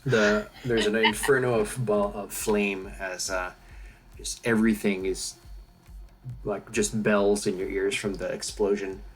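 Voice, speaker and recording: A man runs a tabletop game, describing the action in a relaxed, rambling way. His voice sits a little low. Music plays clearly behind him. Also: unhurried. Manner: casual, with laughs and fillers. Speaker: game master.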